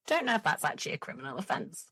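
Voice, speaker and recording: A woman's voice: mid-range voice, gravelly, breathy edge, dry recording. Woman telling a story. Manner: animated storyteller, frequent laughs, swearing. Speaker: podcast host. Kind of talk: casual chat.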